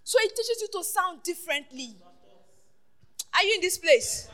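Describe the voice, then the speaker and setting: A woman preaching a sermon, questioning her congregation and swinging between loud declarations and hushed asides. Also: very high-pitched, expressive, moderate pace. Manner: call-and-response questioning the congregation.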